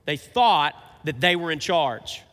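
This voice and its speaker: A man in his thirties preaching a sermon, swinging between emphatic and quiet, reflective passages. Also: a little high, expressive, slow pace. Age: 30s. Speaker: pastor. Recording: reverberant hall.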